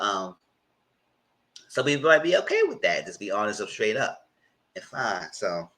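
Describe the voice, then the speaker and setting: A man's voice: fairly bright tone, low-quality recording. A man in casual recap commentary on a reality show, chatty and conversational, speaking. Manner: chatty and conversational, breaks into high mock voices when quoting.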